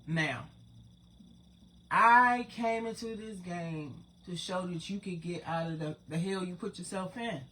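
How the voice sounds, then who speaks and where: A streetwise host in their forties, talking straight to viewers. The monologue rambles and swears freely. Loud, emphatic stretches give way to quiet asides. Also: medium pitch, measured pace, a little hiss or hum. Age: 40s. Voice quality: profane, rambling, streetwise talk. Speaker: spiritual channel host. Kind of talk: casual spiritual monologue to viewers.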